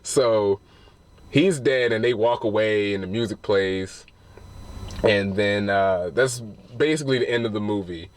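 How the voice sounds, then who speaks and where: A man's voice: on the low side, measured pace, slight background noise. A man giving a casual, rambling spoiler review of a film, retelling scenes with plenty of swearing.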